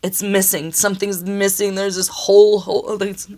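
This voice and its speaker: A woman's voice: mid-range voice, flat delivery, moderate pace, mellow. Emotional young woman tarot reader. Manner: emotional, exclamatory, laughing through tears. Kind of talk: casual tarot reading.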